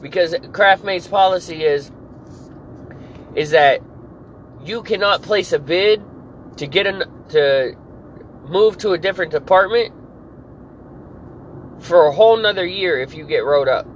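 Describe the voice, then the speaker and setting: Angry man, high-pitched, profane venting monologue, faint street noise underneath. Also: unhurried, pauses often, rough recording. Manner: profane, furious ranting. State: irritated. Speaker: podcast host. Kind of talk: angry work rant monologue.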